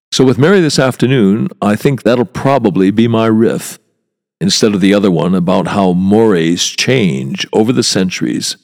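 A man's voice: deep voice, darkish tone, long reverb tail. A man, a walking tour guide, hosting a podcast monologue in a wry, chatty way with rhetorical asides.

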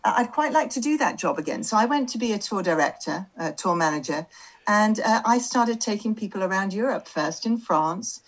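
A middle-aged woman from Birmingham, England, a tour guide telling her story in an interview, self-deprecating and quick to laugh, with many ums. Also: mid-range voice.

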